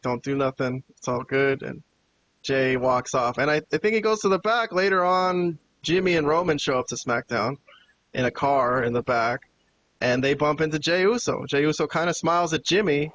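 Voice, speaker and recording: Over a rough recording with slight background noise, a man with a medium-pitched voice hosts a podcast, giving a casual, animated recap of a wrestling show and acting out the lines he quotes.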